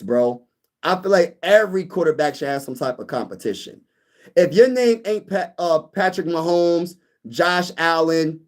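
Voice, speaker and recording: Animated man hosting a sports live stream. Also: fairly high pitch. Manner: animated, reads chat comments aloud and banters. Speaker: sports YouTube host. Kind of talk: casual live-stream chat.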